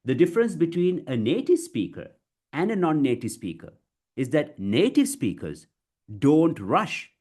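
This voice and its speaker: A man teaching public speaking in an online class, repeating words slowly in chunks and often saying "you see" to his students. English is not his first language. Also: fairly high pitch, sing-song, warm tone. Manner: slow, chunked pronunciation drills with many repetitions; addresses listeners as guys, says you see often.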